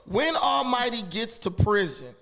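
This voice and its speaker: Brash high-voiced podcast guest. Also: male voice, very animated, unhurried, pushed and bright. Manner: brash, provocative trash talk. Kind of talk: casual podcast banter.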